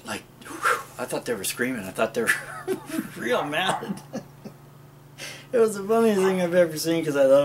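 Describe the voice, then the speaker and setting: A man's voice: on the high side, expressive, moderate pace, pauses often, background noise. A man hosting a casual show-and-tell garden vlog outdoors, rambling and chuckling often as he talks to viewers. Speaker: gardening video host.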